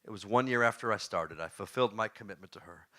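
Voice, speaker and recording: A man giving a storytelling talk to a live audience. He is animated, laughs often, and throws questions at the crowd. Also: lowish voice, fast. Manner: laughs often while telling stories. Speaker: motivational speaker.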